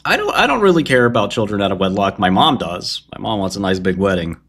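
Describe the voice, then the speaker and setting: A man's voice: lowish voice, very animated, fast, fairly bright tone, breathy edge. A man livestreaming casual stock analysis at his computer, offhand and joking, swearing and laughing at himself.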